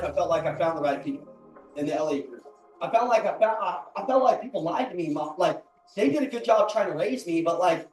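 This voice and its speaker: High-voiced man, earnest, roomy distant sound. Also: darkish tone. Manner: earnest, repeats lines for emphasis. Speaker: motivational speaker. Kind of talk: emotional motivational storytelling. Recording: roomy, from a distance, faint music.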